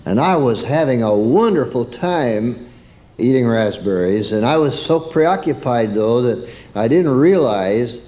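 A man's voice: mid-range voice, expressive, a little slow, dull audio. A man preaching a sermon through a homespun childhood story, turning to ask his listeners questions.

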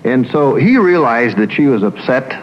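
A man's voice: mid-range voice, lively intonation, moderate pace, dull audio, a little hiss or hum. A man who works as a psychologist, giving a folksy lecture full of anecdotes and acting out the people he describes.

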